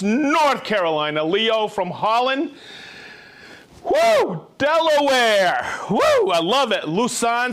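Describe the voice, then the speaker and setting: A man with a high, bright-sounding voice hosts a live stream in a casual, upbeat manner. He jokes as he greets viewers one after another by name and hometown. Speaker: host of a live-streamed tool show.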